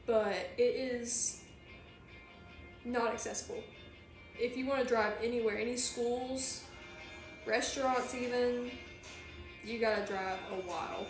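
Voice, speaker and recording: A young streamer from who talks in a high, chatty voice and rambles on while she reads her chat. Her voice has the room's echo in it, with faint music behind. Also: fairly even intonation, measured pace, long pauses. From Georgia, USA. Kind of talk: casual chat while crocheting on a livestream.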